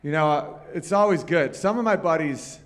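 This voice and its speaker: A man with a slightly high, expressive voice talks at a normal speed. He's performing live stand-up on a comedy club stage, rambling through crude, profane stories and bantering with the audience.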